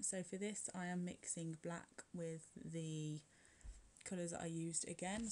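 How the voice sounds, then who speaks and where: Chatty woman, low mellow voice. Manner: chatty, rambling, frequent light laughs and "like" fillers. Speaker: nail art vlogger. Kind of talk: casual voice-over tutorial. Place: at home, curling her hair while recording.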